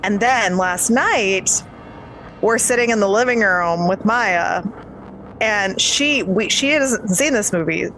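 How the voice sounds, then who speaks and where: A woman co-hosting a podcast, chatting casually about a movie and retelling scenes in an animated way, with plenty of "like" and the odd swear. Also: mid-range voice, slow pace, slight background noise. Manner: animated storytelling, swears, says "like" a lot. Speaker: podcast co-host.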